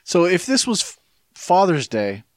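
A man in casual podcast chat, picking apart a movie's clichés with sardonic, deadpan complaints. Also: sits high, unhurried, no room sound, clean studio sound.

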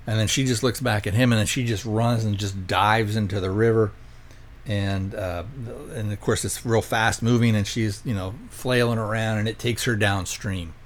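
A man's voice: on the low side, steady tone, moderate pace. A man hosting a podcast, casually retelling a movie plot in a rambling way, often stopping to correct himself. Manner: rambling, self-correcting, conversational. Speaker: podcast host reviewing a movie. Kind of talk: casual spoken plot recap.

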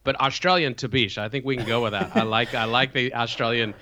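Bright-voiced laughing man telling stories. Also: medium pitch, steady tone, quick pace, slight background noise. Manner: self-deprecating, laughs often while telling stories. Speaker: guest, comedian and consultant. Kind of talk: casual anecdote.

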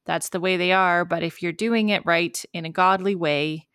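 A woman's voice: fairly low pitch, steady tone, moderate pace, a bit bright, clear, resonant tone, dry recording, studio quality. A woman in her thirties co-hosting a podcast, chatting casually with ironic asides and frequent laughter. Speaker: podcast co-host. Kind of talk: casual chat.

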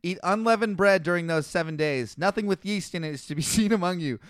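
A man's voice: high-pitched, fast talker, fairly bright tone, clear, resonant tone, dry recording, clean studio sound. A man hosting a comedy podcast, reading Bible passages aloud and riffing on them with frequent laughs. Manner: reads scripture aloud then riffs, laughs often. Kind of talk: casual comedic chat.

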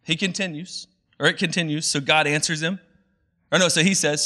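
A male pastor delivers a sermon in a casual, conversational style, keeping it animated. His voice sits a little high and sounds bright and forceful. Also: a little fast.

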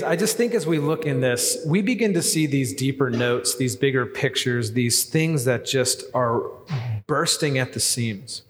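A man preaching a sermon as pastor, talking in a conversational, animated way with lots of casual fillers. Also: medium pitch. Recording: long hall reverb.

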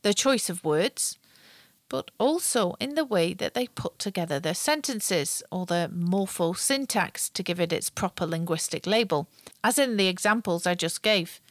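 Clear, teacherly woman podcast host. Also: lowish voice, expressive, moderate pace, no room sound. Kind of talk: scripted podcast narration and casual chat. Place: back garden.

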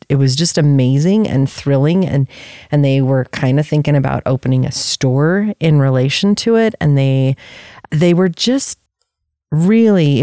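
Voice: medium pitch, warm tone, no room sound, studio quality. A podcast host talking candidly and reflectively about personal experience, often restarting sentences while searching for words.

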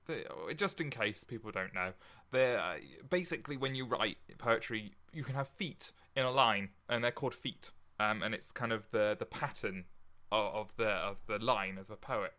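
A young man hosting a casual podcast chat, tired and halting, with many fillers and restarts. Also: mid-range voice, bright, forceful tone. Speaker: podcast host. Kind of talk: casual chat and poetry reading.

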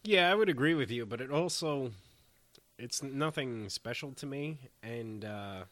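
A man with a stuffy, congested voice co-hosts a casual beer podcast. His tone is bright and forceful, and he gives plain, matter-of-fact opinions. The recording is dry and close. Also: medium pitch, animated, a little slow, no echo. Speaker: podcast co-host. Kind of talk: casual chat.

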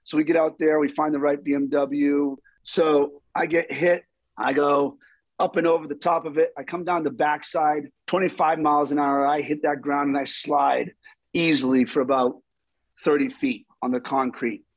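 Husky-voiced man telling animated stories. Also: a little high, moderate pace, no echo, poor audio. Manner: animated, acts out quoted dialogue. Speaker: stunt performer. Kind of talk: storytelling interview.

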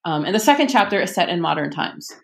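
A woman author chats casually about what she is reading. Her voice sits a little low, and she fills the gaps with ums while acting out quotes with animation. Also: fast, creaky. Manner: chatty, many fillers, animated quoting. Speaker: author guest. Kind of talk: casual podcast conversation.

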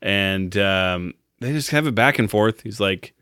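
A man's voice: lowish voice, animated, a little slow, pushed and bright, clean tone, no room sound, clean studio sound. A man on a podcast casually recapping a movie, joking and swearing as he acts out the characters' lines. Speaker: podcast co-host.

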